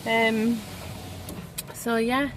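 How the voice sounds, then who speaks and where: A woman's voice: fairly high pitch, little pitch movement, drawn-out words, noisy background. A woman, chatting casually to her phone camera for a family vlog, rambling and laughing often. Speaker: family vlogger. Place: car, then home bathroom.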